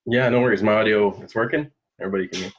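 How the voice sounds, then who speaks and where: A man from the audience asking a question on a video call, speaking in a halting, hesitant way. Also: on the low side. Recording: dull lo-fi video call audio.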